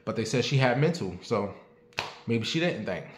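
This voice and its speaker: Man, late 30s, show host doing casual commentary; blunt and profane, mid pitch, echoey room. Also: lively intonation, normal speed. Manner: blunt, profane and talkative, asking the audience questions. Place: at home.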